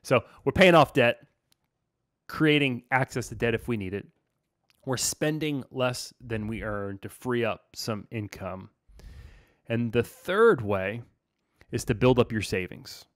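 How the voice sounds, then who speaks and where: A man hosting a casual podcast as a financial planner, talking in an energetic, laid-back way full of slang. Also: mid-range voice, unhurried, no echo, clean studio sound.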